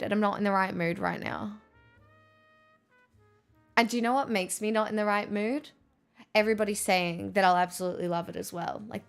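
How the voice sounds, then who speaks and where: A woman's voice: medium pitch, gravelly. A woman live streaming in casual chat, sarcastic and ranting, often breaking into laughter.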